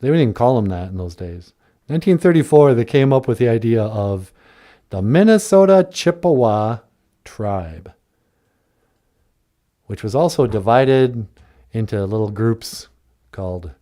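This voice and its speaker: A man's voice: mid-range voice, lively intonation, a little slow, long pauses, dark tone. A man hosting a casual live-stream chat, joking in a laid-back way and reading viewer comments aloud. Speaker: show host.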